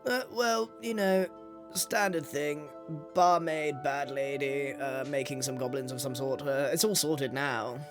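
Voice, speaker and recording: A man's voice: medium pitch, steady tone, a little slow, music in the background. A man playing in a tabletop role-playing game, joking and flippant in casual chat. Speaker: player.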